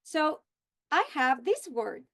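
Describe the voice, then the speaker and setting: A woman explaining how to teach a reading lesson, slowly modeling the script she would read to students. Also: high voice, big pitch swings. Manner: slow, deliberate modeling of a script. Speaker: teacher trainer. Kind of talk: instructional walkthrough.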